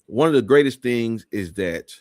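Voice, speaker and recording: A man's voice: mid-range voice, animated, moderate pace, a little mellow, no echo, studio quality. A man hosting a live talk show, speaking in an emphatic, preachy way with many restarts.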